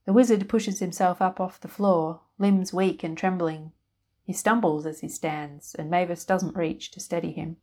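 A woman narrating a fantasy tale in a steady, measured reading. Her voice sits slightly low and stays calm from line to line. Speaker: storyteller. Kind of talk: scripted fiction narration.

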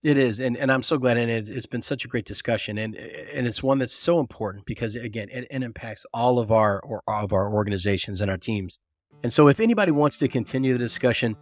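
A man guest on a casual podcast interview, an animated storyteller who restarts often and leans on "you know". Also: mid-range voice, fast talker, dry recording, faint music behind. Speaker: guest, agribusiness recruiting consultant.

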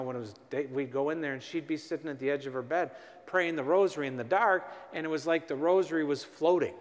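A man preaching a sermon at a parish mission, telling personal stories in a folksy, gently humorous way. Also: on the high side. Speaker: priest leading a parish mission. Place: church. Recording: echoey church with long reverb.

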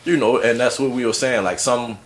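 A man co-hosting a podcast in casual chat, telling stories with animated asides. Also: mid-range voice, a little fast. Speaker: podcast co-host.

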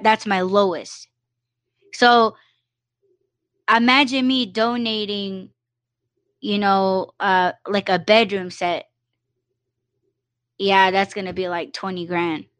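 A woman's voice: mid-range voice, fairly bright tone, no echo. A woman hosting a solo live podcast, talking bluntly with lots of swearing and fillers like "you know" and "like". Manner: blunt, profane, emphatic rant with many fillers. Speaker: podcast host.

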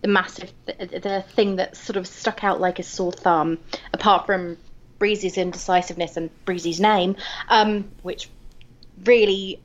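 A woman's voice: mid-range voice, steady tone, measured pace. English woman on a dull line. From England. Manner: chatty, wanders off topic, many restarts. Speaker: book podcast co-host. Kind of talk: casual chat.

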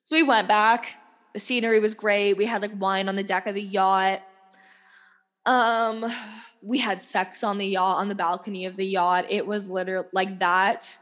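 A woman in her twenties talks straight into a podcast mic in a loose, candid solo chat. Her speech is peppered with "like" and quick laughs, and her voice sits at an average pitch for a woman. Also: fairly even intonation, a bit bright. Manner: candid, chatty, full of "like" fillers and laughs. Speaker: podcast host.

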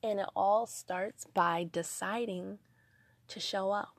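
A young woman speaks slowly and deliberately in an earnest motivational talk, repeating her points for emphasis. Her voice sits at a middle pitch and is recorded dry and close. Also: steady tone, no echo.

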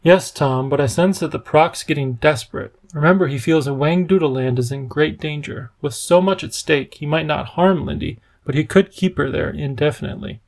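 Man reading a worried storybook professor; measured, gravelly, slightly high. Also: darkish tone. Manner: measured, grave, sometimes bitter. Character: worried, earnest older male professor.

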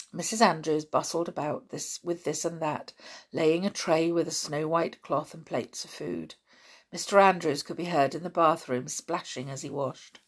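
A woman reading a children's book aloud in a steady, expressive storytelling manner. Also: low-pitched, breathy edge.

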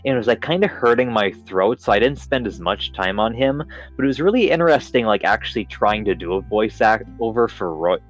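A man's voice: fairly low pitch, lively intonation, fairly quick, dull audio, faint music behind. A young man hosting a podcast in casual chat, rambling with lots of fillers and restarts. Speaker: podcast host.

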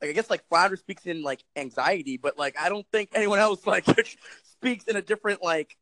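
A man's voice: high voice, moderate pace, bright, forceful tone, rough recording. A young man co-hosting a casual chat, rambling with lots of fillers, swearing and laughing often. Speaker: podcast co-host.

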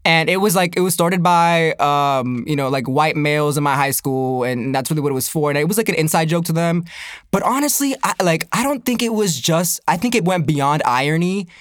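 Young man, high-pitched, profane comedic rant, dry close mic. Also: a little fast, smooth, no room sound. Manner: profane, animated, laughs often, voice jumps high when worked up.

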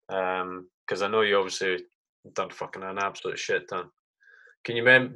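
A man's voice: lowish voice, fairly bright tone, low-quality recording. A man from Britain hosting a podcast with an army comrade, talking in a loose, rambling way and swearing freely. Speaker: podcast host. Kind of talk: casual chat.

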